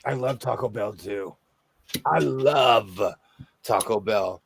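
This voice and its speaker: A man's voice: on the low side, slow pace, creaky, a little hiss or hum. A man in his forties from California, hosting a rambling casual chat over a video call. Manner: rambling, chatty storyteller.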